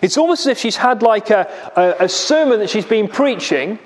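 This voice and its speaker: A man's voice: high-pitched, lively intonation, normal speed, in a large hall. A man preaching a sermon in a church, explaining a passage with rhetorical questions and vivid retelling.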